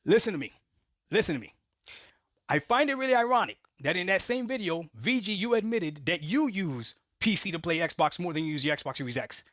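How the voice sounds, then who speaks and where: Man in a clip: fairly high, animated voice, dry, insistent lecturing tone. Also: a little fast, few pauses, dry recording. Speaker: video commentator. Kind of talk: argumentative commentary.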